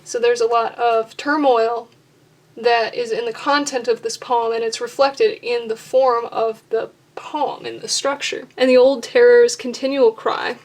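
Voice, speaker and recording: A young woman with a slightly high voice talks through poetic meter in a relaxed, unscripted lesson. She reasons her way along and stops to correct herself mid-sentence. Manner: thoughtful, self-correcting, talks through ideas slowly. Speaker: poetry teacher, channel host. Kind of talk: casual instructional talk on poetry.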